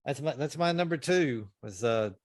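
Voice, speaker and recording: A man's voice: mid-range voice, animated, moderate pace, dry recording, clean studio sound. A man joking around in crude, casual podcast banter. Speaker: podcast co-host or guest.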